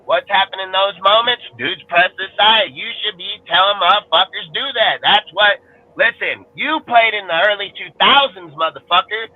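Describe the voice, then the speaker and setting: A man's voice: high voice, moderate pace, narrow, tinny audio. A man with a Californian accent ranting angrily about football on a fan panel show, swearing constantly and restarting his sentences. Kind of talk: heated profane sports rant.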